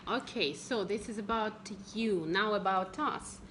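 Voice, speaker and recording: A woman with a Russian accent hosts a live-stream interview as an English teacher. She talks in a lively way and fires quick questions at her guest and viewers. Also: mid-range voice, slight background noise.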